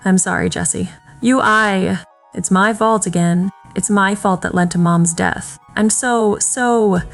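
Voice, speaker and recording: A woman's voice: mid-range voice, steady tone, slow pace, vocal fry. A woman voicing a grieving young man who urgently breaks bad news to his sister over the phone, his words breaking into tears, with faint music behind. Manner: urgent, tearful.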